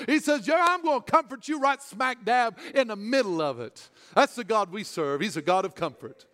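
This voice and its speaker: High-voiced pastor preaching in a reverberant hall. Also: male voice, fairly quick, few pauses. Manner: swings from loud excited preaching to hushed tender speech. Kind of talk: sermon. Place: church hall.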